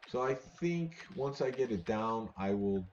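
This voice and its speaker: A man's voice: medium pitch, animated, unhurried, darkish tone, muffled recording, slight background noise. A man live-streaming a football video game, chatting casually with viewers and rambling through repeated words.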